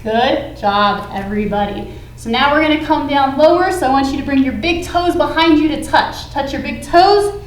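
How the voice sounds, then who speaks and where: A high-pitched woman guides a children's yoga class with encouraging, playful instructions. She slips into a sing-song lilt to keep the kids engaged. The sound is roomy and echoey, with a faint hum of ambience. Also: normal speed.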